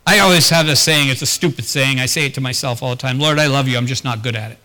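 A man's voice: mid-range voice, fast, sharp tone, big-room sound. A man preaching a sermon as pastor, talking earnestly and putting rhetorical questions to the congregation.

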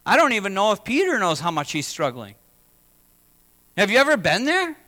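A man's voice: high-pitched, huge pitch swings, moderate pace, pushed and bright. A man preaching a sermon as pastor, talking conversationally and asking the congregation questions. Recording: long hall reverb.

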